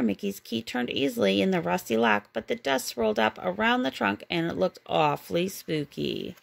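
A woman reading a bedtime storybook aloud in a gentle, expressive manner. Her voice sits at a middling pitch and has a noticeable gravelly, vocal-fry texture. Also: brisk. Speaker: storybook reader.

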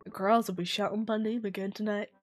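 A woman voicing a boastful, brawny middle-aged male circus pitcher who talks in a swaggering, self-important way. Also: steady tone, fast talker, a little mellow, soft background music, natural voice. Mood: elated.

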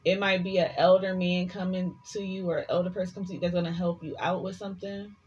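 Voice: mid-range voice, level tone, fast, darkish tone, muffled recording, faint music behind. A tarot reader giving a casual collective reading, chatty and sassy, swearing freely and rambling between the cards.

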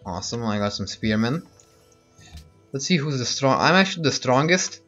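A man's voice: mid-range voice, expressive, normal speed, fairly bright tone. A man giving casual gameplay commentary, thinking aloud and hesitating with many fillers. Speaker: let's play host. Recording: muffled lo-fi with game music.

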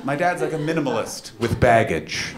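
A young man doing a live stand-up routine, self-deprecating and anxious, bursting into shouted quotes. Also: medium pitch, sing-song, normal speed, a loud crowd. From Canada. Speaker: stand-up comedian. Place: festival comedy venue stage. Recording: echoey live room with loud audience laughter.

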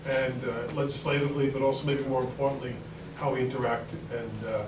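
Middle-aged Queens New Yorker giving a loose, filler-heavy talk to a crowd, roomy hall sound with steady background noise. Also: medium pitch, fairly quick. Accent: New York (Queens). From Queens, New York. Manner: rambling, folksy, with many fillers and restarts. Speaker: congressman speaking at a forum. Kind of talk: informal speech to an audience. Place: large event hall with an audience. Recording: echoey hall recorded from far off.

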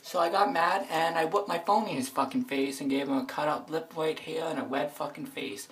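A teenage girl vlogging at home with a strikingly low voice. She rants in a brash, boastful, profane way, jittery and excitable. Now and then she drops into a hushed whisper. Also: moderate pace, a little hiss or hum. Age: teens. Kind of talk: casual vlog rant.

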